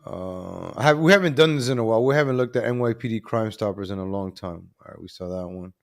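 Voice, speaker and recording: A man hosting a live commentary stream, animated and repetitive, calling out to viewers as ladies and gentlemen. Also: on the low side, fast, vocal fry. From New York.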